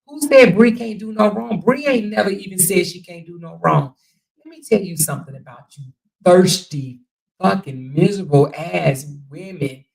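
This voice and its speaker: A woman hosts a casual commentary livestream, her voice low and full of vocal fry. She talks straight to her chat viewers, blunt and scornful, swearing often. The delivery is mocking throughout. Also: darkish tone.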